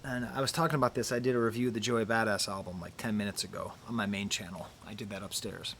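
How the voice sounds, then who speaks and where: A middle-aged man giving casual film commentary to camera outdoors, talking softly, almost in a whisper, musing with quick laughs. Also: fairly low pitch, fairly even intonation, a little hiss or hum. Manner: soft, near-whispered delivery. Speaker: YouTube critic. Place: outdoors near trees.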